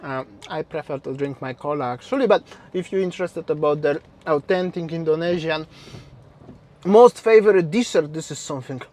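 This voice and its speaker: A man hosting a travel food vlog outdoors at a street food stall, excitable, laughing often, and talking in loose, non-native English. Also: on the high side, moderate pace. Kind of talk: casual vlog commentary. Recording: outdoor street noise behind.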